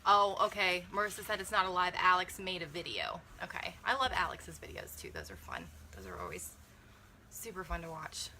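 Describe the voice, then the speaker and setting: A woman's voice: fairly low pitch, sing-song, a little fast, sharp tone, a little hiss or hum. A young woman, a mother, chatting casually through a beauty kit unboxing, thinking aloud and correcting herself as she reads viewer comments.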